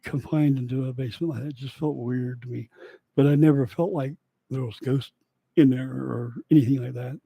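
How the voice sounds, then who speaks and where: Casual storyteller: a man with a deep, dark gravelly tone, rambling and digressive in a dry, close sound. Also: fairly even intonation, a little fast, no echo. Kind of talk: casual personal storytelling monologue.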